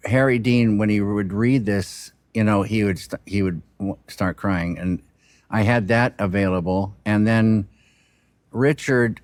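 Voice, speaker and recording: A man with a lowish voice talks slowly and reflectively as a film director in an interview. He speaks softly, halting often and restarting his thoughts. The sound is dry and close, with no room around it. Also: no room sound. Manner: halting and soft-spoken, with many restarts and trailing pauses.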